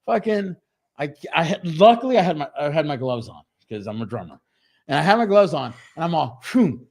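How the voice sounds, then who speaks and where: A man co-hosting a podcast, telling stories in casual chat with lots of swearing and halting restarts. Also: fairly high pitch, vocal fry. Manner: animated, profane storytelling with halting restarts. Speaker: podcast co-host.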